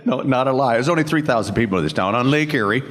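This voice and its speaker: Older male panel guest, mid-pitched, loose chuckling anecdotes, echoey hall sound. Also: lively intonation, quick pace, a bit bright. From Canada. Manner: rambling, laughing through anecdotes. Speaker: guest voice actor at a convention panel. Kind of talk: storytelling at a panel Q&A. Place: convention hall. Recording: reverberant convention hall.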